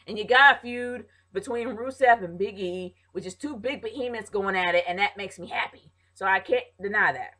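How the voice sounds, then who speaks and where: Animated woman ranting a review. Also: mid-range voice. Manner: addresses viewers as "y'all". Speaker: wrestling vlogger. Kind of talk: casual opinionated review.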